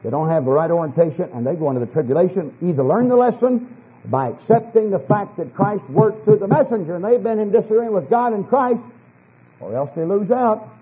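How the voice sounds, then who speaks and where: Husky high-voiced preacher guy, fervent, sounds like an old lo-fi tape. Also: animated, brisk. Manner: emphatic, swings between low asides and high fervent scripture reading. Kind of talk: sermon. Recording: lo-fi phone-like archival sermon tape.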